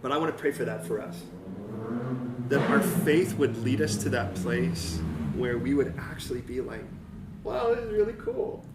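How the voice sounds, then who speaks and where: A man preaching a conversational sermon as pastor, acting out quotes and building to excited peaks. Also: medium pitch, normal speed, noisy background. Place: church hall. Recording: roomy church sound from a distant mic.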